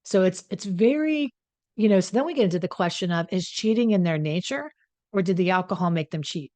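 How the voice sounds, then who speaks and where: A middle-aged woman hosts a podcast in a casual, explaining tone, her voice sitting on the low side. She talks in a chatty, animated way and slips into little acted-out inner voices. The sound is dry, with no room behind it. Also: brisk, no room sound. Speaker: host.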